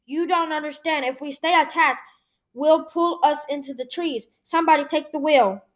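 A woman's voice: sits high, normal speed. A woman reading a graphic novel aloud, saying the sound effects and the dialogue in the same reading voice. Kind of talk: read-aloud storytelling.

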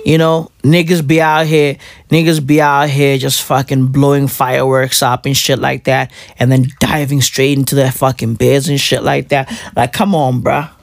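A woman's voice: very deep voice, gravelly, no echo. A woman ranting casually as a football fan, slangy and repetitive, pleading over and over. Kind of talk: casual rant to camera.

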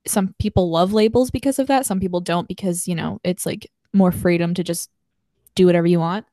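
A young woman co-hosting a podcast in casual chat, animated and emotional, laughing often. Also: fairly low pitch, fairly quick, dry recording, studio quality. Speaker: podcast co-host.

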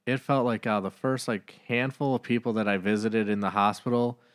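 A man's voice: fairly low pitch, steady tone, a little fast. A man, a pastor, recalling his training years in a casual, chatty conversation. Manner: chatty, many "like" fillers. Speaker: pastor and podcast co-host.

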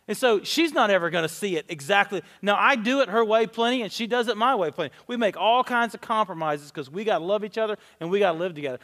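Male pastor, 40s, high-pitched, candid storyteller with self-deprecating humor, long hall reverb. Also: a bit bright. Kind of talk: conversational sermon.

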